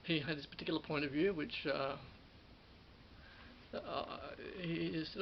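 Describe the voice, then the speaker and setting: A middle-aged man with an Australian accent, reminiscing about his time as a radio studio producer in a halting way, with many restarts and repeated words. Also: a little high, creaky, lo-fi sound, a little hiss or hum. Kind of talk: rambling personal reminiscence.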